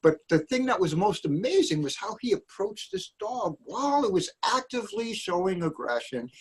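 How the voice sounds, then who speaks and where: Man, husky voice, lively swooping pitch, a bit high, casual panel talk, acts out quotes. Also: normal speed. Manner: animated storyteller, acts out quotes. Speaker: dog trainer panelist.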